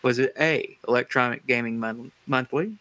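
A man's voice: medium pitch, normal speed, pushed and bright, no echo, rough recording. A man hosting a casual game trivia quiz, reading out multiple-choice answers and laughing easily. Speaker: quiz host. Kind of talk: casual podcast chat.

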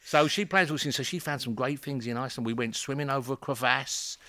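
A man's voice: mid-range voice, brisk, bright, forceful tone, dry recording. A man, chatting playfully and explaining things at length in a casual talk. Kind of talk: casual chat.

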